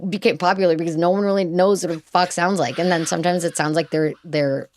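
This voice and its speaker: A woman's voice: fairly low pitch, fairly even intonation, fast, darkish tone, a little hiss or hum. A woman hosting a podcast, reading a script aloud and breaking off into chatty, gushing asides full of fillers. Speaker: podcast host. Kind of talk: casual chat reading and reacting to a script.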